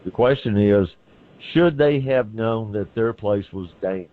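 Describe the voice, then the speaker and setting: A middle-aged Southern man with a very low voice explains the law in a plain, folksy way, full of everyday examples. He comes through a thin, tinny telephone line on a talk-radio call-in show. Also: normal speed. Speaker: constitutional lawyer, legal guest. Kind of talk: casual legal advice on call-in radio. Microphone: phone line into studio.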